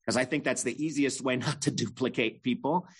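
A man's voice: medium pitch, a little fast, husky. Nostalgic man in casual chat. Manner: enthusiastic, nostalgic.

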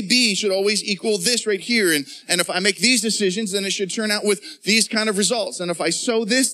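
High, bright-voiced preaching man. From Pittsburgh. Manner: animated preaching with call-and-response and paraphrased voices. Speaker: pastor. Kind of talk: sermon.

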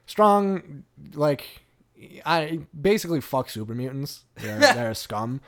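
Male podcast host; casual, animated, profane, rambling delivery. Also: fairly high pitch, takes it slowly. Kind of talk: casual chat.

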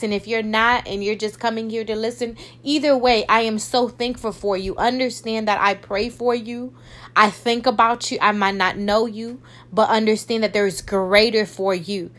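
A woman's voice: fairly high pitch, fairly bright tone. A young woman hosting a faith podcast, talking in a preachy way and repeating phrases for emphasis. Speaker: podcast host. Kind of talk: faith-based encouragement monologue.

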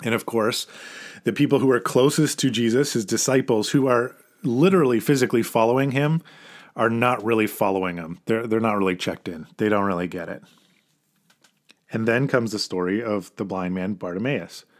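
Earnest pastor preaching casually, low voice. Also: male voice, moderate pace. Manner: earnest, informal, emphatic at key points. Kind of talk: conversational sermon.

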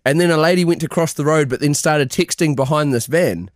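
A man's voice: on the high side, fairly quick, dry recording, studio quality. A man co-hosting a casual podcast over drinks, giggling and rambling through a story. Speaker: podcast co-host. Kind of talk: casual drunk banter.

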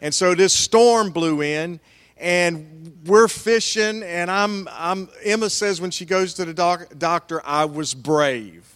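Man preaching, pastor, high voice, folksy storytelling, echo of a big church hall. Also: slow, fairly bright tone, smooth. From American South. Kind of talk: sermon. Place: church sanctuary. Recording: long church hall reverb.

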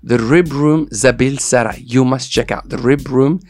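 A man's voice: medium pitch, normal speed, darkish tone, a little hiss or hum. A man hosting a radio show in casual, joking chat, with playful banter and repeated catchphrases.

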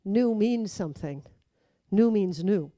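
A woman giving a conversational sermon, telling stories with lively acted-out quotes. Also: mid-range voice, slow, no echo. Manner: animated storytelling, acts out quotes. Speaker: preacher.

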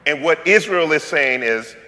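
A man's voice: on the high side, expressive, moderate pace, sharp tone, big-room sound. A male pastor preaching a sermon in a playful, conversational way, with slang and joking asides.

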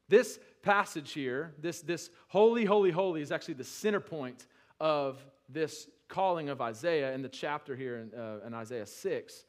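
A male pastor preaching a sermon, conversational with restarts, building to loud emphatic peaks and then dropping low. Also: moderate pace.

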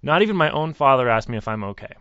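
A young man telling a personal story as a caller, earnest and halting, acting out what others said. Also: mid-range voice, lively intonation, a bit bright, no room sound. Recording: dry, muffled lo-fi line.

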